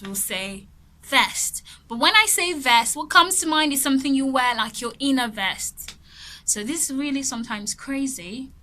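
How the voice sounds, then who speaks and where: A woman's voice: mid-range voice, bright, forceful tone, slight background noise, rough recording. A woman teaching English vocabulary in a chatty, casual way, often laughing and correcting herself as she goes. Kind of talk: casual explanatory lesson.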